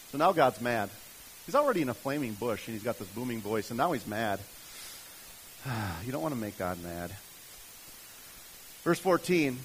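A man's voice: medium pitch, expressive, measured pace, pauses often, slight background noise, low-quality recording. A man preaching a sermon in a conversational, emphatic way, speaking directly to his listeners. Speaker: pastor.

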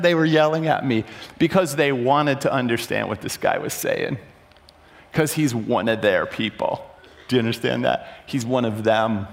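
A man preaching a sermon to a room, telling a story with animated, loud acted-out bursts. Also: mid-range voice, moderate pace, creaky. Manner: animated, acts out quotes with sudden loud bursts. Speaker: pastor. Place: large room before an audience.

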